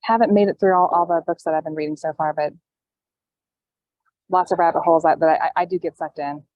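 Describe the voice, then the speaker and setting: Woman on a video call from the airport, kinda low voice, dry muffled audio, halting story. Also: steady tone, no echo. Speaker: guest on a call-in panel. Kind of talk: casual storytelling chat. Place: airport gate area.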